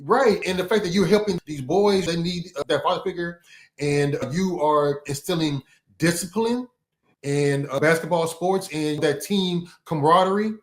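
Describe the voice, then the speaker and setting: A man's voice: on the high side, normal speed, reverberant. A man hosting an interview, affirming and encouraging his guest. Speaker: podcast host. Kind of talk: interview host.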